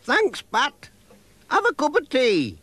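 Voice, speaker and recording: A man's voice: very high-pitched, wildly swooping pitch, takes it slowly, sharp tone, no room sound, voice pushed up, full character voice. A man voicing a chatty, kindly elderly village woman, a little hard of hearing, in a children's cartoon. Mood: hospitable. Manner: homely, fussing, a bit hard of hearing. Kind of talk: children's animation voice acting.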